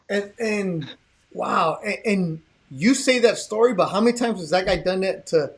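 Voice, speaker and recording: A man hosting a casual chat show, relaxed and chatty, mixing in Spanish words. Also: high voice, a little slow, husky. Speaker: host.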